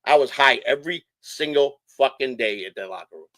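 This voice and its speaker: A man's voice: medium pitch, lively intonation, a little fast, pushed and bright, dry recording. A middle-aged man from Chicago, hosting a casual livestream chat and telling rambling, profane stories in a hyper, nonstop way. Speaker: show host.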